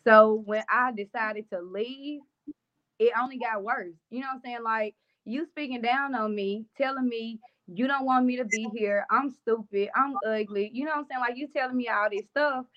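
A young adult woman tells her own story in loose, conversational talk full of fillers. Her voice sits somewhat high. The recording sounds muffled and lo-fi. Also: normal speed. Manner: casual, conversational, trailing fillers. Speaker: interview guest. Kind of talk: candid personal storytelling.

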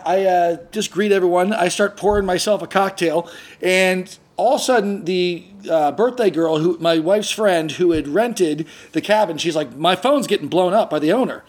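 A man with a fairly high voice tells a story on a casual podcast. He is animated, jumps into the voices of the people in the story, and trips over his words as he goes. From San Diego area. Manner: animated, acts out quoted voices, frequent restarts. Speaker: podcast host.

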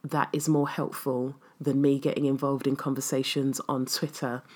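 A woman's voice: extremely low pitch, flat delivery, normal speed, darkish tone, slightly rough. A woman wellness coach answering viewer questions in a casual, reflective and earnest way, with frequent ums. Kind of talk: casual live Q&A.

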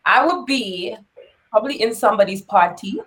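A woman's voice: medium pitch, lively intonation, normal speed, a bit bright, husky, rough recording. A woman from the United Kingdom, a guest singer, answering briefly in casual chat over a video call.

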